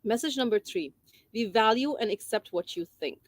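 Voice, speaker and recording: A woman's voice: fairly high pitch, animated, normal speed, no echo. A woman giving an informal talk on parenting, explaining a book's ideas and repeating key phrases for emphasis. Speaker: parenting educator.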